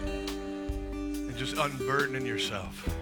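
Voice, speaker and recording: Here a man of medium pitch delivers a slow-paced sermon as pastor, his pitch swooping wildly as he urges the congregation on and quotes scripture. Soft band music plays under the voice in the church sanctuary.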